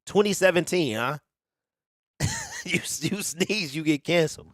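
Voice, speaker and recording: A man hosting a sports talk show in a loose, casual way, laughing his way through nearly every line. His voice sits high and swings widely, and he takes his time. The sound is close and dry. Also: expressive, a little slow, pauses often, fairly bright tone, no echo. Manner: laughs constantly, repeats words, loose and chatty. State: laughing hard, sweaty.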